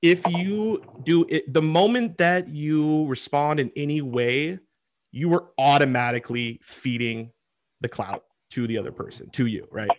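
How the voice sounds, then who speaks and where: A man's voice: on the high side, dry recording. Dude hosting a podcast, stumbles over his words, repeats himself a lot. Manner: halting, repeats words, gives opinions. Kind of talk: casual interview chat.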